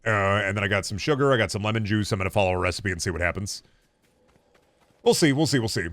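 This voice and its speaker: A man's voice: fairly low pitch, rapid-fire, a bit bright, dry recording. A man in his thirties streaming a game, chatting in a rambling, laid-back way and swearing freely. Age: 30s. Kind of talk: casual gaming-stream chat.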